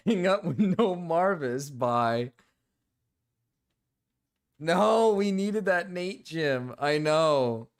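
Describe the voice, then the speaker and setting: A man live-streaming casually, reacting to videos and talking to chat, excitable and quick to yell, then sheepishly apologize. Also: on the high side. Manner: excitable, swings between yelling and sheepish apologies.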